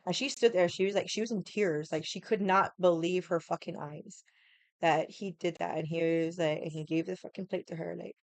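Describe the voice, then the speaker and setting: A woman spins a casual, rambling story, blunt and full of swearing. Her voice sits low with a gravelly fry. The sound is dry and close. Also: fairly even intonation, a little fast, a little mellow, dry recording. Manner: blunt, profane, rambling with many "like"s. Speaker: vlogger.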